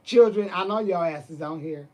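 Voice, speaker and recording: Sassy, profane man with a high voice. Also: moderate pace, darkish tone. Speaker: vlogger. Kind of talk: casual ranting monologue.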